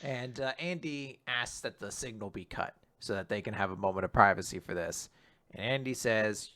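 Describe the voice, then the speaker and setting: A man's voice: lowish voice, moderate pace, dry recording, clean studio sound. A man co-hosting a casual podcast, recapping manga chapters and acting out lines from them. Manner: animated, swearing, acts out dialogue in voices.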